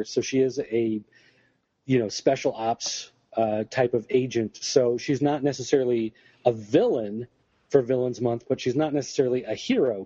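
Mellow-voiced man rambling about comics. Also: mid-range voice, husky, dry recording, muffled recording. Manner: rambling, hesitant with fillers. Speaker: podcast co-host. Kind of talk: casual chat reviewing comics.

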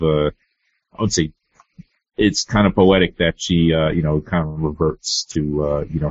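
A man co-hosting a casual comic book podcast, relaxed and full of fillers. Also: rumbling low, husky, lo-fi sound. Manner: relaxed, frequent "you know" and "uh". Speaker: podcast co-host.

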